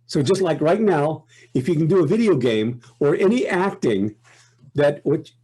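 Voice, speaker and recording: An older man talks as a guest in a relaxed interview, his voice mellow and a little husky. He reflects unhurriedly on his work, often breaking off mid-thought and starting again. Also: fairly high pitch, normal speed. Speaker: guest voice actor. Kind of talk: casual interview chat.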